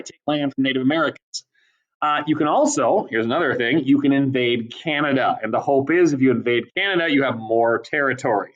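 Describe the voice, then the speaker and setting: A man teaching a history class in a casual, chatty lecture style, with many ums and quick asides. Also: fairly high pitch, fairly bright tone, low-quality recording.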